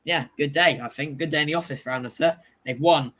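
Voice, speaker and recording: A man hosting a casual football show, excitably reading out live scores and swearing at decisions. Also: a little high, fast, few pauses.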